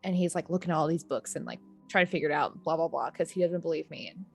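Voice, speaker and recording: A woman's voice: deep voice, fast, gravelly, a little mellow, slightly rough, dry recording, soft background music. A young adult woman recapping a tabletop game session in a rambling, profane, casual storytelling way. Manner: rambling, profane, acts out quotes. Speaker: player recapping the last session.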